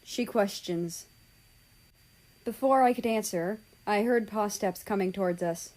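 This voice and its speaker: A woman reading a fan story aloud in slow, measured narration. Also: mid-range voice, darkish tone, low-quality recording. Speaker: story reader.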